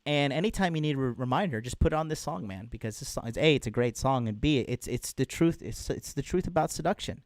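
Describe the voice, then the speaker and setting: Blunt, lively-voiced dating coach man. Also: medium pitch, fast, hardly any pauses, dry recording, clean studio sound. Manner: blunt, crude, addresses viewers as bro and man. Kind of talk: casual livestream talk reading chat.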